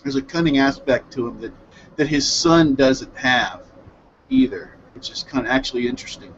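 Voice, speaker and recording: A man hosting an online hangout, excitedly recapping an anime episode in a rambling, self-correcting way over a headset mic on a video call. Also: mid-range voice, normal speed, muffled recording, a little hiss or hum. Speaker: hangout host reviewing anime. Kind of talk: casual group hangout chat.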